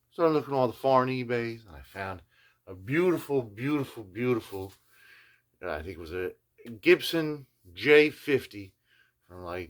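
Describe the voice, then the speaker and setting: A man's voice: fairly low pitch, fairly bright tone. An older man who hosts a guitar restoration video journal, telling a long casual story and adding "you know what I mean" again and again. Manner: slips into playful voices when quoting people.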